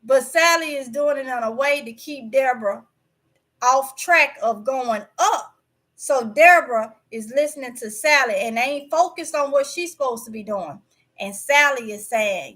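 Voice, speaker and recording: Woman, livestream host; bright, slightly high voice; emphatic, preachy delivery. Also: lively intonation, a little slow. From Mississippi. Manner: preachy, emphatic, repeats words for stress. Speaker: YouTube channel host. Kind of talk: casual livestream talk.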